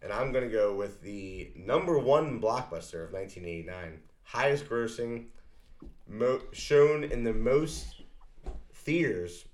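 A man's voice: mid-range voice, animated, measured pace, a little mellow. A man co-hosting a podcast in casual movie chat, rambling and hesitant with many fillers. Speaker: podcast co-host.

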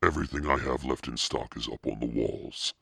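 Deep creaky man as a curt, quiet shopkeeper in a cape, very low and gravelly. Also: steady tone, a little fast, no echo, studio quality, exaggerated voice. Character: curt, strange man in black cape running a mask shop.

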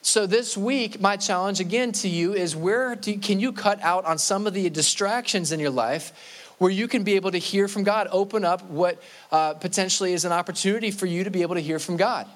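A man preaching a sermon with a voice pitched a little high. He is earnest and often stumbles, repeating and restarting words. When he quotes scripture he slows down and stresses each word. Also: a bit bright. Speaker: pastor.

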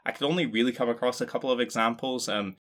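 A man's voice: mid-range voice, fairly even intonation, fast talker, fairly bright tone. A man co-hosting a casual discussion, explaining points in a wry, joking way. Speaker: podcast co-host.

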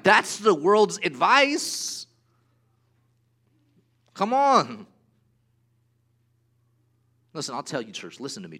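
Bright-voiced preacher swinging loud and soft. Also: male voice, high voice. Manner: dynamic preaching, swinging between hushed asides and raised exclamations; acts out little dialogues in voices. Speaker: pastor. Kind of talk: sermon.

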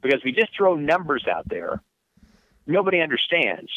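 With a fairly high pitch and normal speed, a man who calls sports play-by-play responds reflectively to an interviewer. He restarts sentences frequently and stresses points with animation. The sound is dry and narrow like a phone, with no echo.

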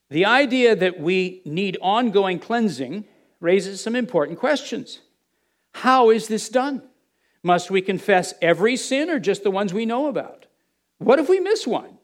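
A man preaching a sermon as a pastor, asking the congregation rhetorical questions and dropping to a low murmur when he acts out quoted dialogue.

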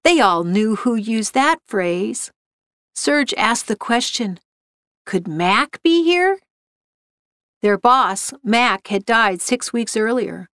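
A woman reading a short story aloud with a steady, even storytelling delivery. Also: on the high side, slow, clean tone, no room sound, studio quality. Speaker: narrator.

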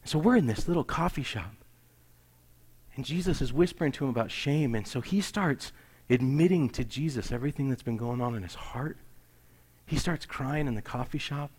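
A middle-aged man preaching a sermon as a pastor, acting out dialogue in an animated storytelling manner and sometimes dropping to near-whispers. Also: medium pitch, normal speed, slightly rough. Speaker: pastor serving missionaries.

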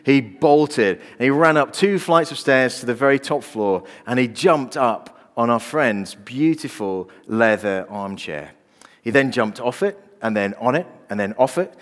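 A man, preaching a sermon as a pastor and telling personal stories earnestly. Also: lowish voice. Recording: long reverb of a large hall.

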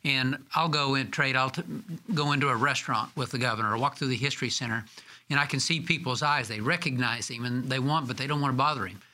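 A man's voice: medium pitch, quick pace, bright, forceful tone. A man co-hosting a history talk, speaking earnestly and admiringly about his guest. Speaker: podcast co-host, historian. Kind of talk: conversational interview.

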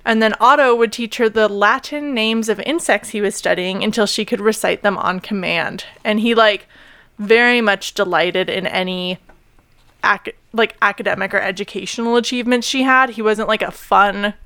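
A young woman co-hosting a podcast tells a story in casual chat, laughing easily and using lots of "like" and "um." Her medium-pitched voice is bright, forceful, clear, and resonant, with fairly even intonation at a moderate pace. There's no room sound.

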